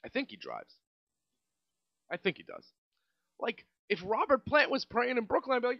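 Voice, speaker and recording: New York man, young, solo podcast host; high, lively voice, rambling exasperated delivery, dry and slightly dull sound. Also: moderate pace, vocal fry, long pauses, dry recording. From Staten Island, New York. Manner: rambling and exasperated, with many restarts. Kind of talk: casual solo podcast rant.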